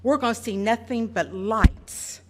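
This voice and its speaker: A woman, speaking earnestly and deliberately as a resident during public comment at a meeting. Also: a little high, noisy background. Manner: earnest, deliberate, listing details. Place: council meeting room.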